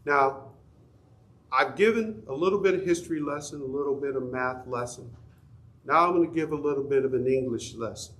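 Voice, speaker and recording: A man's voice: mid-range voice, a little fast, fairly bright tone. Folksy man teaching Sunday school. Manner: conversational, folksy, asks the class questions. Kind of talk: Bible study teaching. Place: church classroom.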